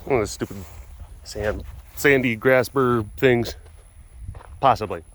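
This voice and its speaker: Guy hanging out with his big cats, goofy baby-talk, normal-pitched voice. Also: unhurried, a bit bright. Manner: playful, coos and baby-talks at the cats. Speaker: big cat facility keeper and show host. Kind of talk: casual chat to animals.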